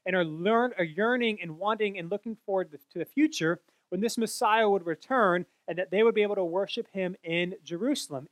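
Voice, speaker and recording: Male Bible teacher, high voice, earnest and explanatory, dry close sound. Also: a bit bright, no echo. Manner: earnest, explanatory, with frequent self-corrections.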